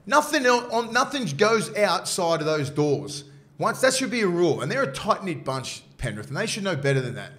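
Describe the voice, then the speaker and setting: A man's voice: high-pitched, very animated, normal speed, a bit bright. A man co-hosting a casual sports podcast as a former player, blunt and swearing constantly, acting out what players would say. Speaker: former rugby league player, podcast co-host.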